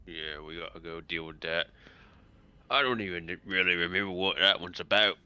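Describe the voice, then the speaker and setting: A man's voice: low-pitched, moderate pace, sharp tone, clean tone, dull audio. A man casually chatting as a player in a tabletop game, laid-back and drawling. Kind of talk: casual in-character chat.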